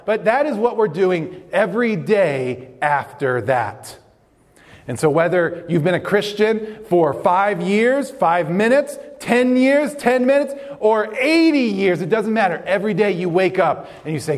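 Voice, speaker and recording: A young man preaching a sermon, telling stories earnestly and slowing down for emphasis. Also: a little high, lively intonation. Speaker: pastor. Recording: long hall reverb.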